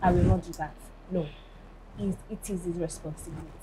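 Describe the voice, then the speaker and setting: A woman's voice: lowish voice, fairly even intonation, a little fast. Woman, guest, casual chat, emphatic, faint background noise. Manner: emphatic, repeats "right?" and "do you get?".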